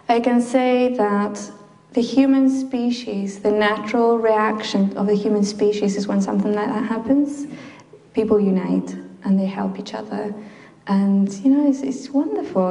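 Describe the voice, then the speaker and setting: A woman's voice: medium pitch, fairly even intonation, a little slow, dark tone. Chatty woman in an echoey room. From Chile. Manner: chatty, laughs often, many fillers. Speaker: speaker addressing a group. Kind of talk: informal talk to an audience. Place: public library meeting room.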